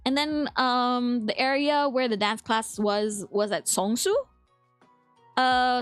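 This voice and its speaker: A chatty young woman with a Filipino accent, talking casually to her live chat and laughing often. Her voice sits a little high. The sound is dry and close, with faint music playing behind her. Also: no room sound. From Philippines. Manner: chatty, quick to laugh, reads chat aloud. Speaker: VTuber streamer.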